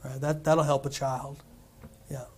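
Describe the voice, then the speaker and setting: A man's voice: mid-range voice, level tone, measured pace, darkish tone, breathy edge. A middle-aged man preaching a sermon in a church, talking with the congregation in a conversational way and asking them questions. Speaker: pastor. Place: church sanctuary.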